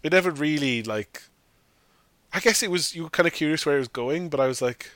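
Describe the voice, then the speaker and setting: In a dry recording, a podcast host with a fairly high, slightly bright voice talks a little fast about a film. He keeps it casual, swears a lot, and laughs while mocking the characters through exaggerated quotes.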